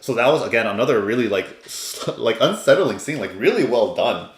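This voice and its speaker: A man's voice: medium pitch, expressive, brisk, echoey room. A man reviewing an anime episode in a casual, rambling, enthusiastic way, with lots of fillers.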